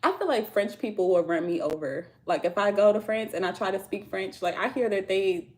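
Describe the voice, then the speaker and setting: A woman's voice: medium pitch, a little fast, a little mellow. An American woman hosting a casual tarot livestream from home, chatting with viewers in loose slangy talk and laughing often. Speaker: tarot reader livestream host.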